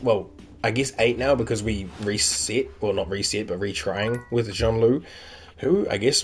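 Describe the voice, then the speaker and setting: Male gamer, lowish voice, wry and offhand chat over faint game music. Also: moderate pace. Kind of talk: casual gameplay commentary.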